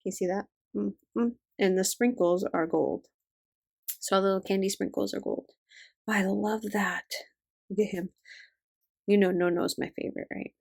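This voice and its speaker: An older woman chatting quietly and fondly as she unboxes stickers and tape, keeping her voice down. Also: mid-range voice, fairly even intonation, normal speed, creaky, long pauses. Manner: hushed, gushing, fond. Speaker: vlogger. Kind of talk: casual unboxing chat.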